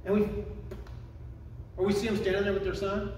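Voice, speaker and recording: A man preaching a sermon as pastor, emphatic and building to shouted quotations. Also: high-pitched, monotone, brisk, long pauses, a little hiss or hum. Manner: emphatic preaching, rising to shouts when quoting. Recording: echoey, distant room mic.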